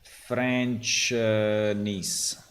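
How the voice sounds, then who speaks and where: A man's voice: fairly low pitch, flat delivery, drawn-out words, fairly bright tone. Man musing aloud with frequent restarts. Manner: thinking aloud, hesitant restarts. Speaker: game developer, host. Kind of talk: casual commentary.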